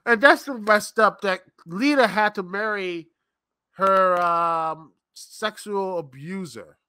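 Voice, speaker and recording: A man's voice: high voice, takes it slowly, bright, forceful tone, clean tone, no room sound, studio quality. A man hosting a live-stream show, ranting in an exasperated, rambling, sarcastic way. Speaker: podcast host. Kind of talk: live-stream commentary rant.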